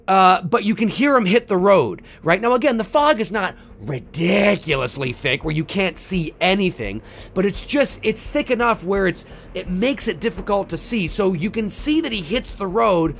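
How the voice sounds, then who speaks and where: A man's voice: high voice, creaky, fairly bright tone, a little hiss or hum. A man casually talking through a film sequel idea, rambling with many restarts and frequent "right?" tags. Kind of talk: casual verbal walk-through.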